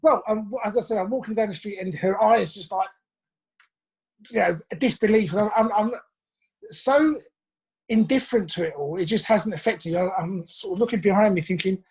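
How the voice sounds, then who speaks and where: Speaking with a British accent, a man in his sixties who used to drum in a band tells a rambling, self-deprecating story as an interview guest, voicing his own thoughts aloud. His voice is high and slightly rough, fairly quick, with lively intonation, captured in low quality via a phone on a video call.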